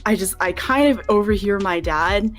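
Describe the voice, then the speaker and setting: A woman from New Mexico telling a story on a livestream, animated, acting out quotes and laughing through it. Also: mid-range voice, moderate pace, faint music behind. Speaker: guest.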